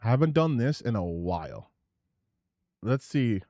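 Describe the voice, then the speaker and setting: A male streamer who reacts to clips with sarcastic, swearing commentary. His pitch swings widely as he talks, and the recording is close and dry. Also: very animated, a little slow, dark tone, no echo.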